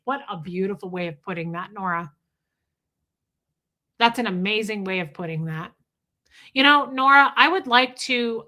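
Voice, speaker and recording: A woman's voice: medium pitch, pushed and bright. A woman hosting a livestream, talking bluntly and confessionally with profanity and greeting chat viewers. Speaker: livestream host. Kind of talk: casual livestream talk with chat shout-outs.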